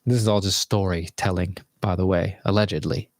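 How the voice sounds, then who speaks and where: A man's voice: low voice, steady tone, a little fast, dry recording, studio quality. A young man telling a rambling, casual story to viewers from his bedroom, swearing freely as he goes. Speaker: vlogger.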